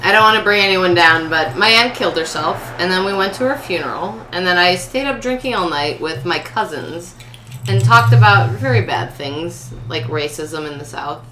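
A woman's voice: on the low side, animated, moderate pace, sharp tone. A woman guest in casual chat, telling a story animatedly and laughing often. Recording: echoey room with background noise.

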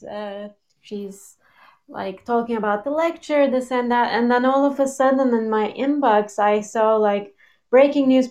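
A woman's voice: fairly high pitch, a little mellow, highs cut off. A woman co-hosting a casual chat show, telling stories with frequent laughs. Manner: laughs often, chatty storytelling. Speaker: co-host.

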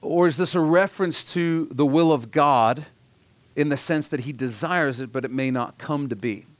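A man preaching a sermon, earnest, dropping his voice soft for emphasis. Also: a little high, moderate pace, no room sound. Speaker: pastor.

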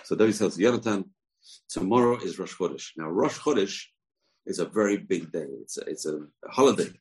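A man teaching a religious lesson, retelling a scripture story in a loose, animated way and acting out the characters' quotes. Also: deep voice, brisk, low-quality recording.

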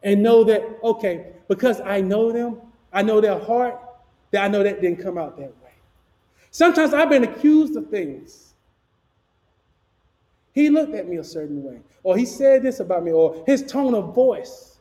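High-voiced pastor shouting in an echoey hall. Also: male voice, animated, measured pace. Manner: projecting loudly without a microphone, call-and-response questions. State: clogged ears and sinus trouble. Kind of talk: sermon. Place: church sanctuary.

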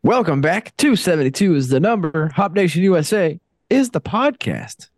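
A man's voice: high voice, expressive, normal speed, soft background music. A man hosting a casual podcast, joking around with his co-hosts over beers and moving the show along. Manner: jokey, runs the segments. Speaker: podcast host.

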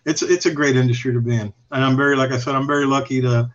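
A man's voice: medium pitch, fairly even intonation, fast. A man guest telling stories in casual chat, rambling and swearing with chuckles. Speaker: podcast guest. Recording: slightly dull lo-fi recording.

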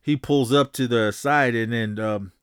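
A man's voice: mid-range voice, measured pace, a bit bright, clear, resonant tone, dry recording, studio quality. A man casually retelling a film's plot as a podcast host, rambling with restarts and some swearing. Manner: rambling, frequent restarts and profanity. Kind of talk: casual movie recap.

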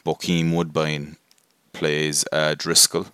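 A man's voice: rumbling low, completely flat delivery, takes it slowly, fairly bright tone, clear, resonant tone, dry recording. A man hosting a casual film review podcast, rambling and self-deprecating with lots of fillers. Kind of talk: casual spoken movie review.

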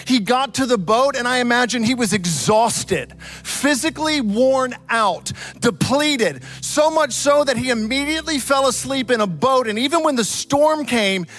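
A man preaching a sermon, telling a story dramatically and swinging from loud to hushed. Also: very high voice, lively intonation, unhurried, hardly any pauses. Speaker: pastor.

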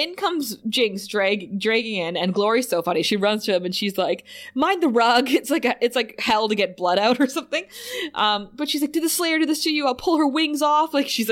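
A woman's voice: mid-range voice, a bit bright. Podcast lady recapping an episode, laughs a lot, does goofy character voices. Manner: laughing often, acting out lines in playful voices. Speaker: podcast co-host. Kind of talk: casual chat recapping a TV episode.

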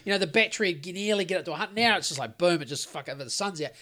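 A man's voice: high-pitched, expressive, quick pace, pushed and bright. Rambling sweary Australian man. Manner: rambling, sweary storytelling with many restarts. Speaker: podcast co-host. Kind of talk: casual chat.

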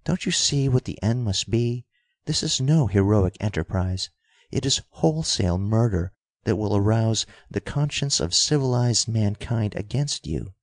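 A man's voice: on the low side, lively intonation, a little slow, no echo, studio quality. A man doing a desperate, defiant young woman. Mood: impassioned. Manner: impassioned, urgent.

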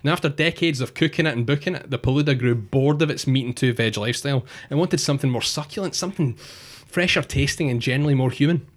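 A man telling a crude, jokey comic story with deadpan asides. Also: mid-range voice, quick pace, hardly any pauses. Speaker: podcast co-host telling a monster story.

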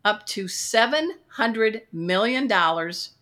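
A woman guest on a podcast, giving pet care tips in a lively, playful teaching style. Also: on the high side, slow. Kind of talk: podcast interview.

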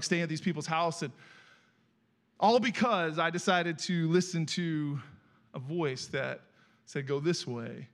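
A middle-aged man preaching as a guest speaker in a church, telling stories in a conversational, animated way. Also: a little high. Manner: conversational, animated storytelling with acted quotes. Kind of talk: sermon with storytelling. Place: church sanctuary.

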